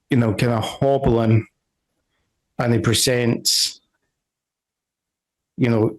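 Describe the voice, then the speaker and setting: A man running a tabletop game as game master, narrating scenes at a slow, unhurried pace. He rambles and corrects himself often. His voice sits mid-range. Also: medium pitch, a little mellow, low-quality recording.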